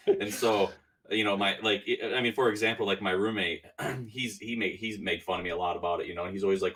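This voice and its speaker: A man's voice: fairly low pitch, fairly even intonation, brisk, a bit bright, breathy edge, distant mic. A man telling stories in a casual podcast chat, rambling with many fillers and restarts. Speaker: podcast guest.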